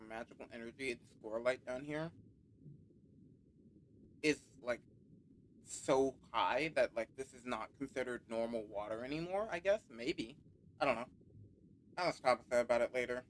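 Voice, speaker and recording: A man's voice: medium pitch, lively intonation, moderate pace, a little hiss or hum. A man casually commenting while playing a game, rambling with many "like"s and unsure guesses. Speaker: game streamer. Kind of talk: casual let's-play commentary.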